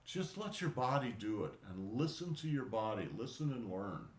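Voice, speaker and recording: A man teaching an online qigong class, talking in a relaxed, conversational way that often stops and restarts. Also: lowish voice, normal speed. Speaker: qigong instructor. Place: indoor studio for online class. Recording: roomy echo.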